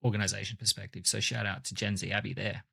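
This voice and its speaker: Man, podcast co-host, gravelly fry in the voice, dry close mic, relaxed casual chat with restarts. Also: fairly low pitch, quick pace, no echo. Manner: relaxed, repeats words when starting sentences.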